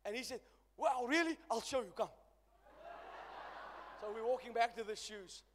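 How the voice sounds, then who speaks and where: High-voiced South African preacher in a reverberant hall. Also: male voice, steady tone, moderate pace, a little hiss or hum. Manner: emphatic storytelling preacher, swings loud and soft. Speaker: pastor. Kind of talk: sermon. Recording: long church reverb.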